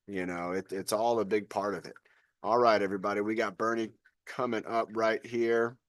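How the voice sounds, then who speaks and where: A man's voice: fairly low pitch, flat delivery, moderate pace, no echo, clean studio sound. A man coaching a live online fitness class over a video call, chatty and encouraging.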